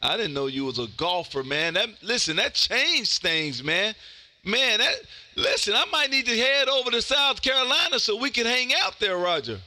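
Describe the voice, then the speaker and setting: Loud folksy man on the radio. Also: high voice, sing-song, normal speed. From Texas. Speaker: ham radio operator and streamer. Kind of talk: ham radio contact chat.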